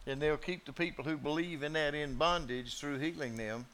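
A man preaching a sermon in a dramatic way, moving from hushed asides to loud declarations. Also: a little high, moderate pace.

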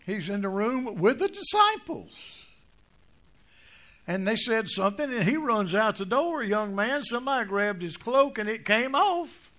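High-voiced older preacher, folksy and joking. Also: male voice, sing-song, a little slow. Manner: storytelling with jokes, swings from low asides to loud emphatic points. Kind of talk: folksy humorous sermon.

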